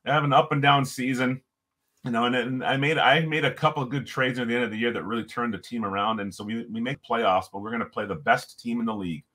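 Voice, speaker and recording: A middle-aged man, a podcast guest, telling a story in a lively way and chuckling often. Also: mid-range voice, quick pace. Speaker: podcast guest, former hockey coach. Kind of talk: storytelling in conversation.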